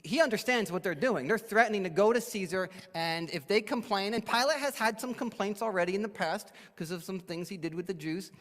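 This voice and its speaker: In a church sanctuary with long hall reverb, a male pastor preaches an expository sermon, explaining a Bible passage and briefly acting out the people quoted in it. His voice is high and fairly bright.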